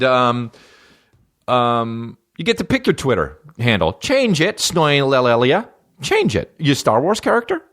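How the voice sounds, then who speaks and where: Reading out questions from fans, this solo comedy podcaster riffs with profanity and sarcasm, often switching into mocking voices. His voice sits low with a bit of brightness.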